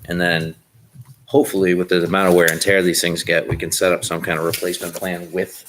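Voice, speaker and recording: A man's voice: deep voice, level tone, a little fast, noisy background. A man reporting budget items at a school board meeting in a plain, businesslike way, with fillers. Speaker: school district official.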